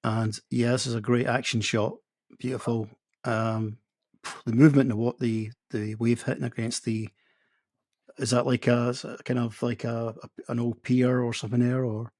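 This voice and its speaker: A man's voice: mid-range voice, little pitch movement, normal speed, darkish tone, no echo, studio quality. A man hosting an interview, giving brief encouraging remarks and moving things along. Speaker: host. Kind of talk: casual interview chat.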